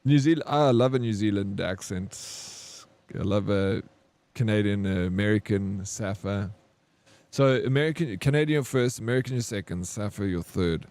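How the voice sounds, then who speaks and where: A man's voice: lowish voice, moderate pace, a little mellow, no room sound. A young man from South Africa with a South African accent, chatting frankly and laughing easily with viewers while he streams a game. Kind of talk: casual live-stream chat with viewers.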